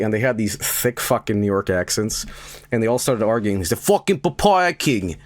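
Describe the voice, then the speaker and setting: A man's voice: on the low side, lively intonation, moderate pace, dry recording. A young man who is not from America chats casually over his own travel video, rambling and swearing, laughing at his own stories. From from outside America. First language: Swedish. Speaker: streamer giving video commentary.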